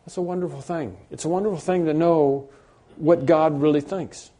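A man preaching an unscripted sermon, often restarting his sentences and rising and growing louder on his emphatic points. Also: a little high, steady tone, moderate pace. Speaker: pastor.

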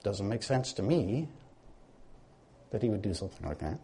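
A man's voice: on the low side, big pitch swings, moderate pace, warm tone, husky. A man preaching a sermon in a conversational teaching manner, often asking his listeners questions.

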